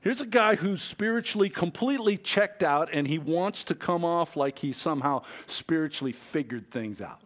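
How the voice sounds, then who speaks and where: A man preaching a conversational sermon, shifting between loud, excited stretches and quiet, low asides. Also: normal speed, hardly any pauses. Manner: lively, conversational preaching with wide swings in pitch and loudness. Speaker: pastor.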